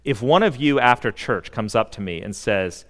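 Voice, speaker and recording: A pastor giving a sermon in a church, earnest and emphatic, with dramatic pauses. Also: male voice, mid-range voice, lively intonation, fairly bright tone, big-room sound. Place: church sanctuary.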